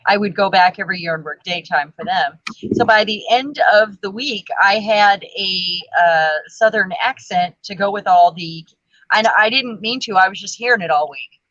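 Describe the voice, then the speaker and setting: Woman co-host, rambling casual chat, mid pitch, dry dull call audio. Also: normal speed, a bit bright, dry recording. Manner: rambling, chatty, many fillers. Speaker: co-host of a craft video chat. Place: home, video call. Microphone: video call.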